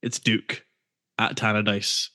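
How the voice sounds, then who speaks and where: Dry-witted man, low voice. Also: level tone, takes it slowly, pushed and bright. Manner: dry, wry banter. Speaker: podcast co-host. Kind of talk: casual football podcast banter.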